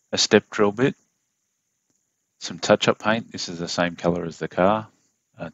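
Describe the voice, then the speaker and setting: Low gravelly Australian man, flat voiceover. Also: no echo, lo-fi sound. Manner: monotone, plain and unhurried, with fillers. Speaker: DIY car install host. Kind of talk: casual tutorial voiceover. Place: home studio voiceover.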